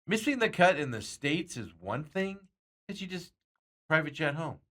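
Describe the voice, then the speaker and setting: With a slightly high, bright, forceful voice and big pitch swings, a man hosts a sports betting talk show at normal speed. He rambles through casual talk about wagers, reads viewer comments aloud and chuckles frequently.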